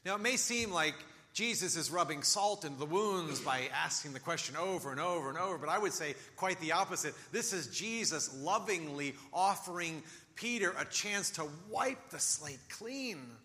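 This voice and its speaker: A man preaching a sermon, telling the story with animation and acting out quoted lines in a soft, low voice. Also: animated, normal speed, hardly any pauses, big-room sound. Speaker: pastor.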